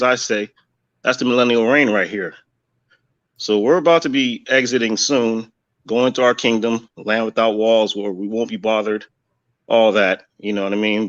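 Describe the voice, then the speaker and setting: A man's voice: medium pitch, a bit bright, highs cut off. A man giving rambling religious commentary, thinking aloud with many fillers.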